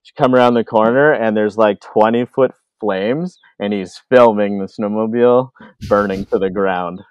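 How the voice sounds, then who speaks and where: A Canadian filmmaker telling stories in a casual interview, acting out other people's lines, with lots of fillers. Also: male voice, on the low side, normal speed, smooth, no echo, highs cut off. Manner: animated, acts out quoted voices, many fillers. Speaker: filmmaker guest. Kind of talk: casual storytelling.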